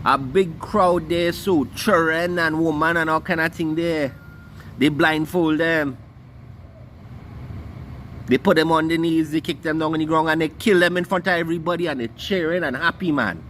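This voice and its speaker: A man's voice: a little high, fairly even intonation, normal speed, a bit bright, a little hiss or hum. A man with a Trinidadian Creole accent, delivering a heated, scornful monologue and cussing freely. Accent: Trinidadian Creole English. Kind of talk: ranting monologue.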